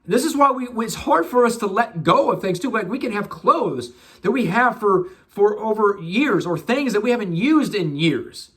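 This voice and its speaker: A man's voice: sits high, expressive, moderate pace, fairly bright tone. A middle-aged man giving a casual spiritual self-help talk, swearing freely and slipping into mocking voices.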